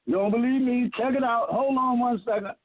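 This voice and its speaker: Fairly quick and extremely high in pitch, this fifties-aged man plays self-proclaimed messiah in a rambling monologue that's preachy, emphatic, and heavily profane. The recording sounds like a dry, tinny phone line.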